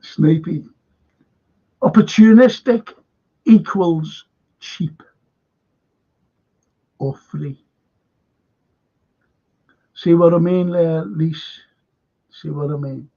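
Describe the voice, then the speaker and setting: A middle-aged podcast host reads live chat on a casual stream, chuckling and occasionally swearing as he goes through viewer comments. His warm voice is a little high, very slow, with frequent pauses, and the audio is dull lo-fi stream quality.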